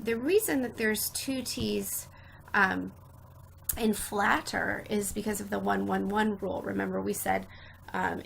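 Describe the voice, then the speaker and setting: A woman's voice: mid-range voice, creaky, fairly bright tone, a little hiss or hum, low-quality recording. A woman teaching a recorded spelling lesson, explaining patiently step by step with frequent "um"s. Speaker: spelling tutor.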